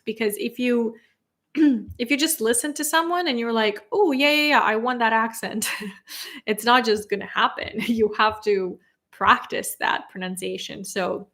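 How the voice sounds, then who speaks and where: A woman's voice: a little high, a bit bright. A young woman speaking English as a second language, casually answering viewer questions on a livestream, chatty and laughing often. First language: non-native English speaker. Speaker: content creator answering live chat questions.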